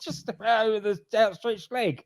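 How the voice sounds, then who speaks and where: A man co-hosting a casual podcast, cheeky and quick to laugh. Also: high-pitched.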